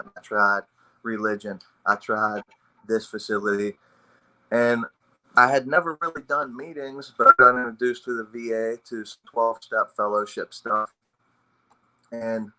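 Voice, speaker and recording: A man's voice: on the low side, sharp tone, rough recording. A man who is a military veteran in recovery, telling his story of addiction and hope in a raw, blunt, emotional way, swearing often. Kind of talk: personal recovery testimony.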